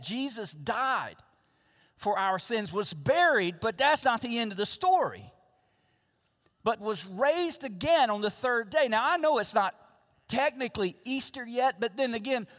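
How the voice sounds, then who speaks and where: A man's voice: very high-pitched, a bit bright. A man preaching a sermon from the pulpit, emphatic and repeating his key phrases. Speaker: pastor. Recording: long reverb of a large hall.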